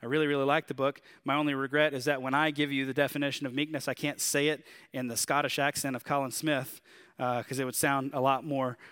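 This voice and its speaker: A man with a Southern drawl preaching a sermon in a conversational, animated way, asking his listeners questions. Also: medium pitch, quick pace, clear, resonant tone. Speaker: pastor.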